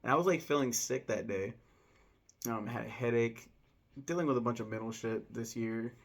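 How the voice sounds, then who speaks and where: A man's voice: medium pitch, moderate pace, vocal fry. A man in his thirties chatting casually in a vlog, rambling and enthusiastic, with lots of fillers. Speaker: vlogger.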